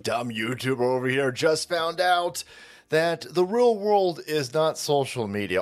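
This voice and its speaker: Man ranting with lively, swinging pitch. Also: measured pace. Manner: mocking, sarcastic, swears constantly. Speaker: reaction video host. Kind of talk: profane comedic rant.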